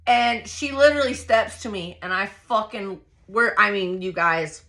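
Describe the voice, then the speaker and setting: Woman vlogger ranting a family story, bright voice, cussing a lot, talks right to her viewers. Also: medium pitch, moderate pace, few pauses. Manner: profane, blunt, gets heated and loud when reliving a fight; addresses viewers directly, filler-heavy run-on storytelling. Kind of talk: casual storytelling to camera.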